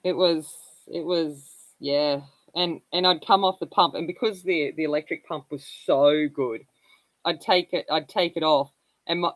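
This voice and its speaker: A woman's voice: sits low, no room sound, rough recording. A woman in her forties chatting casually as she hosts a colouring stream, telling rambling, candid stories and laughing often. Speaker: colouring livestream host. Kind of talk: casual chat.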